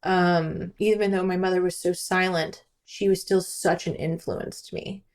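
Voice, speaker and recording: Young woman telling a lively story. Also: fairly low pitch, moderate pace. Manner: animated storytelling, acting out her own past lines. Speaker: podcast guest. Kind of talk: casual chat.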